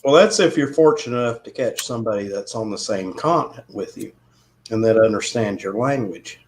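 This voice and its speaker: A man's voice: on the low side, brisk. A man hosting a casual chat with friends, telling stories and laughing at them. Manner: laughs at his own stories.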